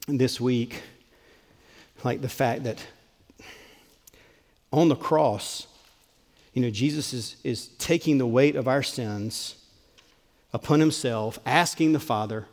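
A pastor preaching a sermon, earnest and emphatic, often dropping to a soft, tender tone. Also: male voice, mid-range voice, slow, pauses often. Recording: long reverb of a large hall.

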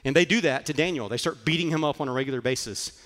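A man's voice: medium pitch, fast talker, fairly bright tone, in a large hall. A man preaching a sermon, telling a story earnestly and with frequent fillers. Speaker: pastor.

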